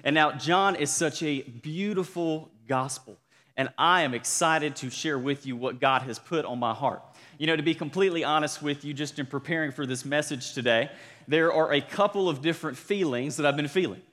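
Upbeat Southern young pastor, reverberant church. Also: male voice, on the high side, normal speed, fairly bright tone. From South Georgia, USA. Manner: upbeat, calls to the congregation. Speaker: student pastor. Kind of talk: sermon. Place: church sanctuary.

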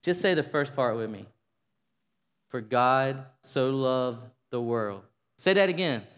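A man preaching a sermon to a congregation, rising to fervent shouting and leading call-and-response. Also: mid-range voice, lively intonation, slow pace, clean tone. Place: church sanctuary. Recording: long reverb of a large hall.

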